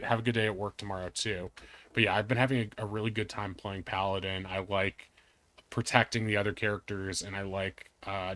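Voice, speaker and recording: A man's voice: low voice, fairly bright tone. A man hosting a live game stream, chatting and joking with friends and viewers. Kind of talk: casual live-stream chat.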